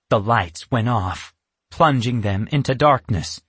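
Slow husky male narrator. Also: medium pitch, animated, a bit bright, no room sound. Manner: slow and measured. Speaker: audiobook narrator. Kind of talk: scripted narration.

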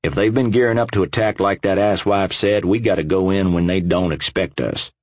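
A man's voice: deep voice, fairly quick, darkish tone, no room sound. A man voicing a practical biker who speaks matter-of-factly.

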